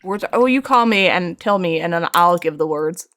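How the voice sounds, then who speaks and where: A woman's voice: on the low side, moderate pace, no echo, studio quality. A woman in her thirties streaming while she paints, chatting casually and telling stories, acting out the lines of the people in them and laughing often. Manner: animated storytelling, acts out quoted lines, frequent laughs. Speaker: art streamer.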